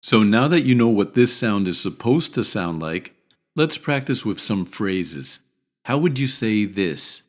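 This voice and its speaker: A man teaching pronunciation in a scripted video lesson, repeating each word deliberately and clearly. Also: on the low side, very animated.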